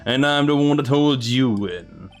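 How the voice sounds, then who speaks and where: A man voicing a calm, smug prosecutor in a courtroom game, speaking low and slow. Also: faint music behind.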